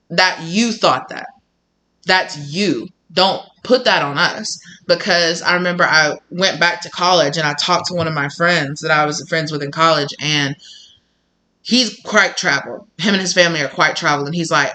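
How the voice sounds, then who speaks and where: A man with a Southern US country accent talks in a loose personal monologue, circling back and repeating himself. His voice is bright and pitched a little high. He slips into quoted dialogue as he tells his story. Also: normal speed. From Southern United States. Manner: rambling, repeats himself, acts out quoted conversations. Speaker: tarot channel host.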